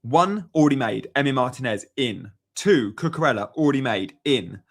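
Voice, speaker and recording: On his live stream, a young man who covers fantasy football keeps things chatty and upbeat, reading viewers' messages aloud along the way. He sounds expressive, with a mid-range voice at a moderate pace.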